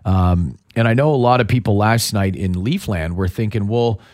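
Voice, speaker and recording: A man in his thirties or forties co-hosting a casual talk show, telling stories with lively acted-out bits. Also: on the low side, normal speed, no room sound, studio quality. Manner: animated storyteller, acts out his own dad voice. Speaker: radio co-host. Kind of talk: casual chat.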